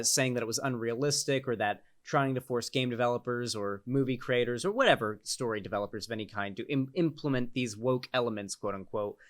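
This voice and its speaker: A man giving casual, sarcastic commentary, rambling with restarts and filler words. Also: medium pitch. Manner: sarcastic, exasperated. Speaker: political commentary YouTuber.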